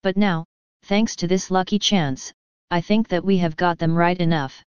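A woman's voice: fairly low pitch, steady tone, normal speed, darkish tone, clean tone, no room sound, highs cut off, natural voice. A woman voicing a confident, jovial male police inspector in an audiobook. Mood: brisk.

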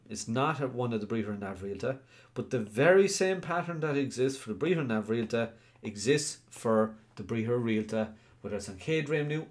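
A man with an Irish accent teaching an online Irish grammar class, explaining step by step and asking the students questions. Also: medium pitch. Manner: answers chat questions by name. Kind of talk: live online grammar lesson.

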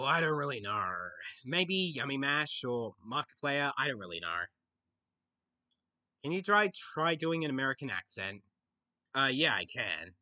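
Bright-voiced young Australian man, hesitant. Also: medium pitch, dry recording. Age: young adult. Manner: hesitant, noncommittal answers. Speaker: YouTuber. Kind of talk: casual Q&A video.

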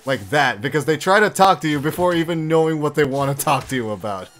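Soft-spoken man, faint music behind. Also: a little high, expressive, fast, few pauses. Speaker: voice actor. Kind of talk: casual chat.

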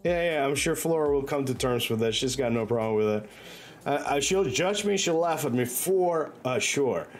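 A man's voice: mid-range voice, lively intonation, moderate pace, faint music behind. A man livestreaming from his bedroom, chatting loosely and rambling, often breaking into laughs. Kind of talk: loose casual chat while gaming. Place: own bedroom.

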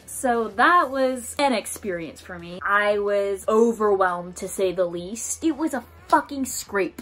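A young woman hosting her own vlog, telling a story in a casual, animated, profane and self-dramatizing way. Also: medium pitch, normal speed, hardly any pauses. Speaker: YouTuber.

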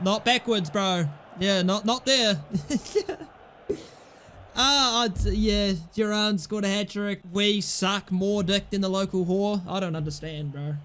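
A young man hosting a gaming channel offers casual commentary over his own gameplay, sounding exasperated and sarcastic and swearing often. His voice is high-pitched and a bit bright, with slight background noise.

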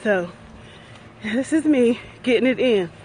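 Her fairly high, darkish voice has lively intonation and a slow pace as this middle-aged woman live-streams a walking vlog beside a pond. An investment coach and vlogger, she's breathless yet upbeat and chatty, urging herself on. The low-quality recording has a little hiss or hum.

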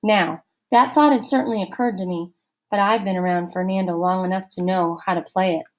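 A woman narrating a children's novel aloud in an expressive storytelling manner. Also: medium pitch, a little fast, poor audio. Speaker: audiobook reader.

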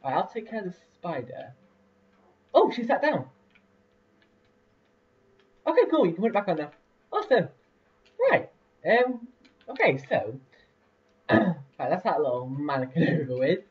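Young male let's-player, lively higher voice, rambling chatty delivery, distant dull mic. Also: measured pace, pauses often. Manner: chatty, rambling, lots of fillers and laughs. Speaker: let's play host. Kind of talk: casual gameplay commentary.

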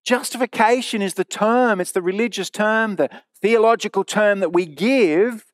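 Male preacher, fairly high voice, dry close sound, earnest and emphatic sermon delivery. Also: dry recording. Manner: earnest, emphatic, with slowed repeated phrases. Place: church.

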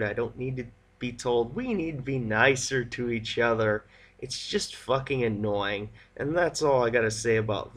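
A man delivering a solo review in a blunt, openly sarcastic way. He drags out certain words for effect and speaks at an ordinary, mid-range pitch. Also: a bit bright.

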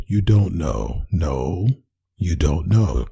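Very deep, gravelly, husky man. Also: lively intonation. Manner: talks to an unheard partner, answering her unseen replies; soft, drawn-out endearments. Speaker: boyfriend in an audio role-play. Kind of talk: one-sided boyfriend role-play audio drama.

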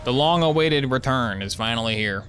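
A man's voice: medium pitch, animated, normal speed, fairly bright tone, slight background noise. A young man giving casual, sarcastic live commentary while playing a shooter, rambling into jokey asides. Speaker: gaming streamer.

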